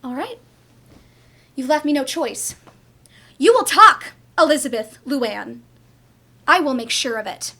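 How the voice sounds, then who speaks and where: An actress playing a pushy, exasperated mother in a theatre monologue, nagging and swinging between coaxing and shouting. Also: sits high, lively intonation, moderate pace, long pauses. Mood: scolding. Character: pushy exasperated mother scolding a silent daughter. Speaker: stage actor.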